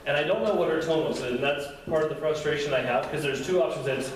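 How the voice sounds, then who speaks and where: A man's voice: on the high side, fast. A young man giving a casual Bible lesson to a youth group, speaking conversationally and acting out quotes with feeling. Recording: very echoey room, distant mic, faint ambience.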